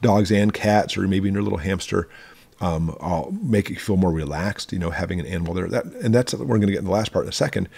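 A man's voice: deep voice, quick pace, vocal fry, darkish tone, breathy edge. A man from Michigan hosting a casual prepping vlog, rambling through asides and firing questions at the viewer. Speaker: prepping channel host.

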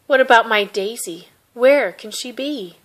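A woman voicing a gentle, worried young woman hen keeper in a storybook read-aloud, pleading and calling out. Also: a little slow. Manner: pleading, calling out high and loud.

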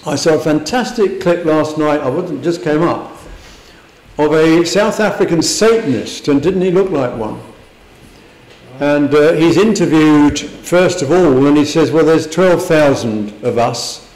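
A man's voice: a little high, measured pace, darkish tone, echoey room, poor audio. A man preaching a sermon in a church, earnest and full of rhetorical questions. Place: church hall.

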